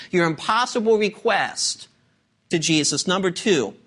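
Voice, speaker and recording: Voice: mid-range voice, a bit bright. A preacher delivering a sermon with emphatic delivery and frequent rhetorical questions to the congregation.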